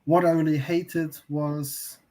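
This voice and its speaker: Animated German man chatting on a stream. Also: a little high, takes it slowly, rough recording. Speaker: co-host. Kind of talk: casual livestream chat.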